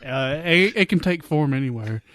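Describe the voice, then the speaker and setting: A man's voice: a little high, lively intonation, normal speed, fairly bright tone. A man co-hosting a podcast, telling a story in a laid-back, joking way and swearing casually. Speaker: podcast co-host. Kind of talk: casual chat.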